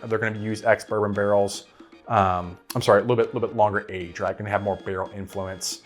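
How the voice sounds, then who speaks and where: A man hosts a whiskey channel, giving casual bottle picks to camera and often asking "right?". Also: lowish voice. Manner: relaxed, repeats words, says "right?" often. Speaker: whiskey reviewer and channel host. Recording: faint guitar music behind.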